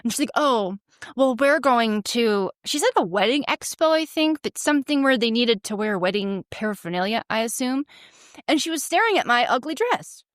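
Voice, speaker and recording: Podcast co-host, woman, lively storyteller voice, dry close sound. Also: fairly high pitch, normal speed, no room sound. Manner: animated storyteller, acts out quotes. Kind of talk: casual chat.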